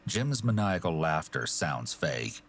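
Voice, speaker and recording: A man's voice: very deep voice, very animated, slow pace, slight background noise. A man narrating a true crime documentary, giving pointed, analytical commentary.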